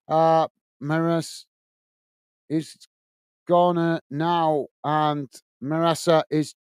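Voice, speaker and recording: A man's voice: high voice, a little mellow, smooth, no echo. A man hosting a live football watch-along, casually reading out and answering viewer comments with plenty of fillers. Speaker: host.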